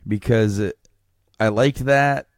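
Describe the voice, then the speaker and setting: Chill guy on a comics podcast, lowish voice, lots of ums and likes, dry sound. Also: no room sound. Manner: laid-back, halting, many fillers. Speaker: podcast co-host. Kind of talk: casual comic book chat.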